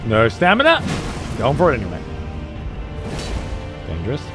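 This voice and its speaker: A man's voice: medium pitch, wildly swooping pitch, normal speed, over loud music. A man streaming a video game, commenting on play and ranting at his chat with heavy profanity. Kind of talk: live gameplay commentary.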